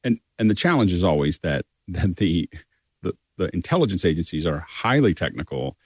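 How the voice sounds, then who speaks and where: A man's voice: deep voice, very animated, brisk, husky, no room sound. A man talking as a guest in a casual discussion, rambling and emphatic, with many restarts.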